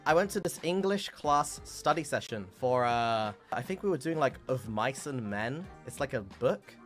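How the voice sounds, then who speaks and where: A man's voice: mid-range voice, normal speed, soft background music. A young man streamer telling a school story in casual, rambling chat, full of fillers. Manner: rambling, filler-heavy, animated retelling.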